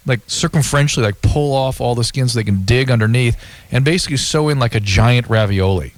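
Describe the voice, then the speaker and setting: A man co-hosting a late-night call-in radio show as its physician, explaining in a measured way and laughing easily. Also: mid-range voice, no room sound. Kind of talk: casual radio banter.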